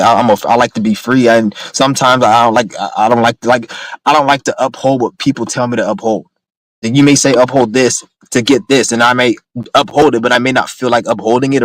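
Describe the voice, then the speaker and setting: A man's voice: mid-range voice, dry recording, rough recording. A young man in a casual, profane, rambling rant, speaking bluntly to his viewers. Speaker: vlogger.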